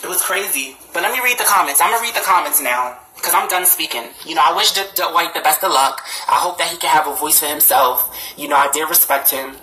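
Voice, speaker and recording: A man's voice: a little high, fast talker, hardly any pauses, pushed and bright, a little hiss or hum. A man talking casually to live-stream viewers, blunt and profane, his voice jumping up when he gets indignant. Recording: roomy echo.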